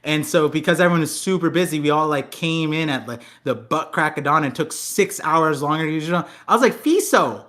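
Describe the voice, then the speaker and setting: Man, thirties, podcast co-host, bright forceful voice, slightly high, rambling, laughs a lot. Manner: laughing, rambling, quick jokey asides. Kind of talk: casual chat.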